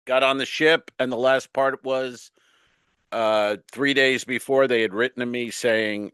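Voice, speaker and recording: A man's voice: mid-range voice, steady tone, normal speed, a bit bright, clear, resonant tone, dry recording. A man co-hosting a comedy podcast, telling a story in casual chat and acting out the other people's lines.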